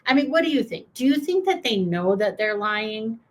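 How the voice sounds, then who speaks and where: Woman, reaction host, fairly high voice, sarcastic, opinionated, talks to camera. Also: lively intonation, normal speed. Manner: sarcastic, opinionated, addresses viewers directly. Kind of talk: political commentary reacting to clips.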